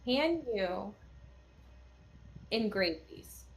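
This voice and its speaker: A woman playing a tabletop game, speaking politely, deliberately and directly. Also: mid-range voice, lively intonation. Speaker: player.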